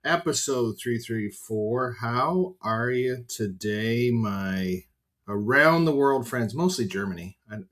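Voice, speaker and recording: A middle-aged Canadian farmer hosting a casual livestream podcast, rambling and frank, swearing casually and talking to viewers by name. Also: male voice, mid-range voice, animated, slow, a bit bright, soft background music.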